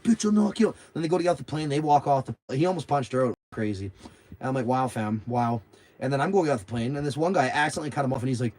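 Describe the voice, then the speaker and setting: A young man, rambling through stories on a livestream and loudly acting out what people said, swearing freely. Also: mid-range voice, slight background noise. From Canada. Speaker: livestream host. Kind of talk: casual livestream chat.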